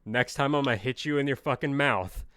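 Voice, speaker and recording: A man's voice: mid-range voice, fairly quick, sharp tone, clear, resonant tone, no echo, studio quality. A man who works as an electrician, co-hosting a podcast and telling stories in a plain-spoken, blunt way, swearing casually. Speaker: podcast co-host. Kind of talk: casual storytelling chat.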